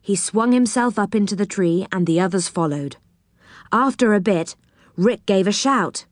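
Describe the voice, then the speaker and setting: A woman narrating a children's storybook in a gentle, expressive manner. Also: mid-range voice, moderate pace, no room sound, studio quality.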